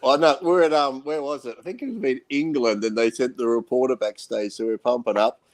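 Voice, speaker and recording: Mid-pitched man telling road anecdotes. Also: a little fast. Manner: anecdotal, laughing as he tells tales. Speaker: co-host. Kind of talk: casual podcast chat.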